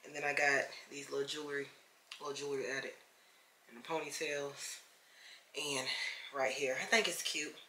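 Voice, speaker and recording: A woman chatting casually to camera at home, easygoing and talkative. Her voice is bright and forward. It bounces around a hard, echoey room. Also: very deep voice, fairly even intonation, moderate pace, long pauses, a little hiss or hum. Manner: chatty and easygoing, calls the viewer "child". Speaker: lifestyle vlogger. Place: home, indoors.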